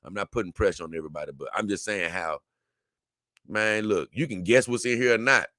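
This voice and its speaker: Forceful, bright-voiced man hosting a livestream. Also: fairly low pitch, fairly quick, no echo, studio quality. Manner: loose, animated and repetitive, with slang and frequent "man" and "brother". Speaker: livestream host reading viewer comments. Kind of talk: casual livestream chat.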